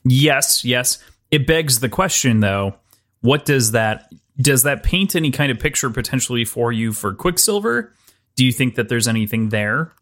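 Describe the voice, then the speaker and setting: Male co-host, relaxed book chat, probing questions, mid-pitched voice. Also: moderate pace. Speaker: podcast co-host. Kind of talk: casual book discussion chat.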